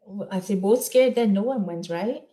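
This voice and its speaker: Woman host on a podcast, gentle and inviting, asks her guest questions. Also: medium pitch, normal speed. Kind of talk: interview questions.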